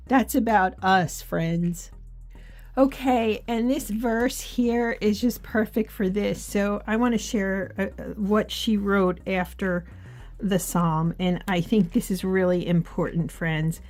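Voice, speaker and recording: Slow, earnest woman faith vlogger. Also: mid-range voice, steady tone, a little mellow, soft background music. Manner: earnest, encouraging, reads scripture aloud. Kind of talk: heartfelt devotional chat.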